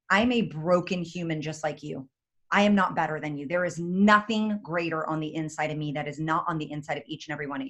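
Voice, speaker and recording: A woman, giving an excitable, chatty motivational talk on a video call and speaking straight to her audience. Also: lowish voice. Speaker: guest speaker.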